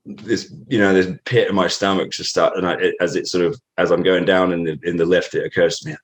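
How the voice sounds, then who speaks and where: A man's voice: sits low, fairly even intonation, brisk. A British man in his thirties, a guest telling stories in a casual interview, rambling with many fillers and restarts. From Britain.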